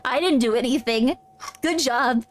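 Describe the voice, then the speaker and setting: A woman's voice: high voice, measured pace, faint music behind. A young woman livestreaming a game, chatting and giggling with her viewers. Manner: giggly, chatty, talks to chat. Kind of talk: casual live gameplay chat.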